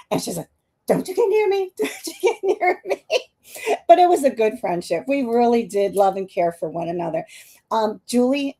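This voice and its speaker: A woman's voice: mid-range voice, dark tone. A woman, a psychic medium hosting a live stream, telling a long personal story with many restarts while tearful. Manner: rambling, many restarts and asides to viewers.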